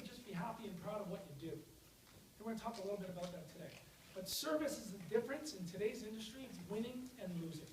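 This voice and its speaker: A man giving an energetic, joking university guest lecture and speaking straight to his audience. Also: extremely high pitch. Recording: echoey hall, distant mic, faint noise.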